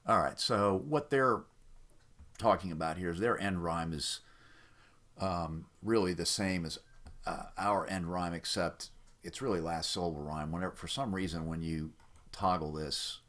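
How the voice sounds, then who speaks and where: A man with a low, deep voice gives a loose, unscripted walkthrough of websites. He explains each step plainly, sounds mildly skeptical of what he finds, and pauses often with "uh". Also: a bit bright. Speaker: website presenter for a rhyming site. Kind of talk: casual screen-recorded walkthrough.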